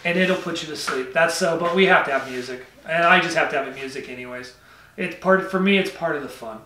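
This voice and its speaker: A man's voice: a little high, fairly quick, sharp tone, reverberant, recorded from a distance, a little hiss or hum. A man hosting a car review, talking casually and rambling, with frequent self-corrections. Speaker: car channel host.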